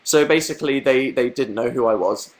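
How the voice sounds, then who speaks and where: A young man talking casually into his webcam, reading out comments and spinning awkward stories. He laughs often and mimics other people in a lifted, squeaky voice for comic effect. The pitch sits in an ordinary middle range. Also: a little fast. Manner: chatty storytelling, acting out quotes in higher voices, laughing. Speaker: livestream host. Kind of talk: casual livestream chat.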